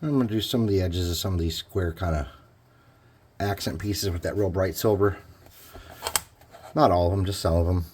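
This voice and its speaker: Deep-voiced man thinking aloud while painting. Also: normal speed, long pauses, a little hiss or hum. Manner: relaxed, thinking aloud as he works. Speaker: hobby crafter. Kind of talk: casual painting tutorial.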